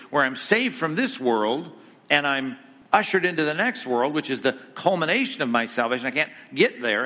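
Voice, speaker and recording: A man's voice: medium pitch, bright, forceful tone, big-room sound. A man giving a theology lecture to a class, emphatic and conversational, asking the students questions as he goes. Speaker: Bible teacher.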